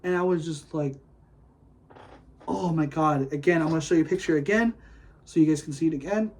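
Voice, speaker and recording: A man hosting a casual solo podcast, rambling excitedly with lots of "like" and "dude", gushing one moment and griping the next. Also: a little high, quick pace, low-quality recording. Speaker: podcast host.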